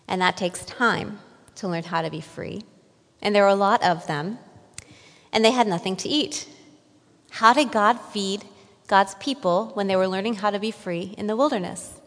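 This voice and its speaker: Woman pastor, conversational sermon, quizzes the pews, long hall echo. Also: medium pitch.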